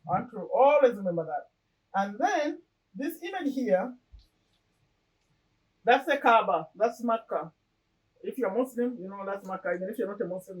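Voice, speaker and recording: A middle-aged woman speaks at a medium pitch in a casual, reflective way, stopping and restarting as she explains things. She sounds a little distant from the microphone. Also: a little mellow. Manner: earnest, reflective, with pauses and restarts. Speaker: vlogger sharing her vision board. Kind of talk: casual personal talk to camera.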